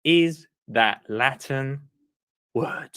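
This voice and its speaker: A young man hosting a live show, excitable and breathless, tripping over his words. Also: mid-range voice, drawn-out words, smooth, dry recording. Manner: excitable, breathless, full of restarts. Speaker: host. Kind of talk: excited live-stream chat.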